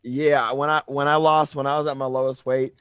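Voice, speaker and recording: Excitable guy guesting on a podcast, mid pitch, dry close mic. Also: fairly quick, smooth, no echo. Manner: excitable, swings from loud outbursts to mumbles. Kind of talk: casual chat.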